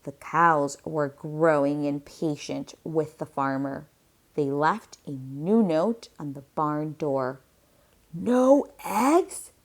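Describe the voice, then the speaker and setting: A woman teacher reading a picture book aloud slowly and deliberately, pausing for comprehension questions. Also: sits low. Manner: slow, deliberate read-aloud.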